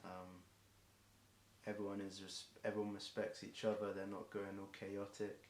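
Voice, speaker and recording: A young English man improvising a rambling rhyming freestyle, voice getting hoarse, filling gaps with ums and self-corrections. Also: low voice, completely flat delivery, normal speed, a little mellow. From England. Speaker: streamer performing a marathon song. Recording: echoey room with faint background noise.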